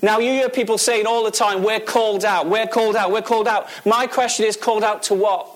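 Guy preaching, high voice, keeps throwing questions at the crowd and repeating himself. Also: steady tone, a little fast. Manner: emphatic, repeats key phrases, asks the audience questions. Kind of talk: sermon.

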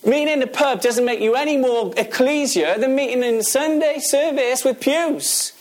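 A man's voice: very high-pitched, normal speed. A man preaching a sermon, emphatic, asking the audience questions and repeating key phrases.

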